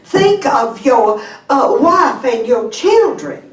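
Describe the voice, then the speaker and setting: Flustered Southern lady pleading urgently, high and slow, as a woman puts her on; echoey room, off-mic. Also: very animated, distant mic, full character voice.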